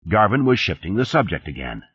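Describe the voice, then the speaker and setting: A man narrating an audiobook in a steady, scripted storytelling style. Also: deep voice, a little fast, husky, no echo. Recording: dull, dry studio recording.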